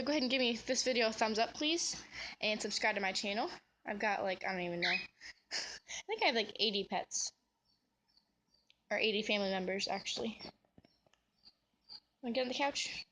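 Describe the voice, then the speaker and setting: A woman's voice: fairly high pitch, normal speed, pauses often, a bit bright, a little hiss or hum. A woman vlogging about her pet cockatiel, chatting casually and cooing to the bird in a sing-song baby voice. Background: cockatiel chirping.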